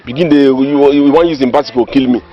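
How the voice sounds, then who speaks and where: A man's voice: medium pitch, fairly even intonation, quick pace, highs cut off, lightly acted. An actor with a Nigerian accent playing a village man who insistently passes on gossip. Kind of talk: Nollywood comedy film acting. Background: faint background music.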